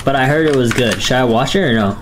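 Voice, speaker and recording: A young man streaming a video game, chatting casually with viewers in slang and yelping high whenever the action heats up. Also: quick pace, noisy background. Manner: excitable, jumps to high yelps, casual slang. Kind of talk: casual live-stream chat while gaming. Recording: loud keyboard clicks behind. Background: keyboard typing.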